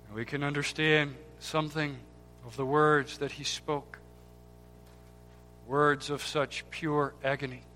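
A man preaching a sermon with impassioned swings between loud cries and hushed, near-whispered words, repeating key words for emphasis. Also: on the high side, steady tone, measured pace. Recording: long hall reverb with faint music.

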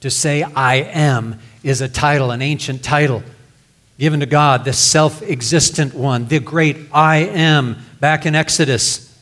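A man's voice: on the high side, fairly even intonation, unhurried, fairly bright tone. A man preaching a sermon, reading scripture aloud and explaining it in plain words. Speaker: pastor.

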